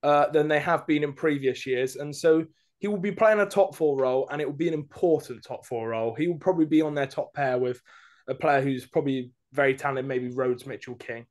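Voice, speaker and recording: A man co-hosting a sports podcast, talking casually and hesitantly with many pauses and fillers. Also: mid-range voice, darkish tone. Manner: hesitant, lots of ums, thinks aloud. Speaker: podcast co-host.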